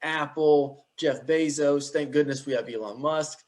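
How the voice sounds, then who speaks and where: A man's voice: on the high side, fairly even intonation, a little slow. A man co-hosting a podcast, rambling through his political opinions in casual chat. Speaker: podcast co-host.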